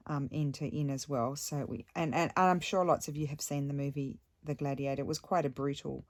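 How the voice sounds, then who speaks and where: A woman's voice: low voice, fairly even intonation, fairly quick, a little mellow. A woman chatting casually while she stitches a craft piece for her vlog, rambling with many ums and restarts. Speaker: craft vlogger.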